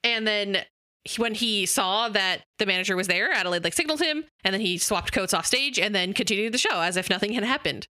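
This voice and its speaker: A woman on a podcast, sharing a tale in a loose, chatty way, full of "um"s and little laughs. Her tone is bright and clear. The sound is close and dry, with no room echo. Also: mid-range voice, a little fast. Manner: storytelling with filler words, laughing. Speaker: podcast co-host. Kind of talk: casual chat, retelling a story.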